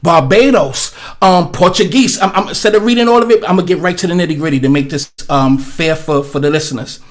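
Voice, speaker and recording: A man's voice: fairly high pitch, brisk. A man hosting a livestream, giving blunt, profane, rambling commentary with many fillers into a webcam setup. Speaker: livestream host.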